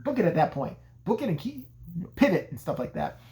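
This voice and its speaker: A man's voice: high-pitched, very animated, brisk, warm tone, slight background noise. A man casually recapping a horror movie in a profane, sarcastic way. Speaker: movie reviewer.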